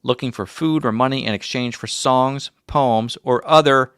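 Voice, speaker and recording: A man's voice: mid-range voice, moderate pace, a bit bright, clear, resonant tone, no room sound, clean studio sound, voice pushed up, close to an everyday voice. A man doing a folksy old prospector. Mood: folksy, hammy. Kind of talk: reading trivia in a put-on voice.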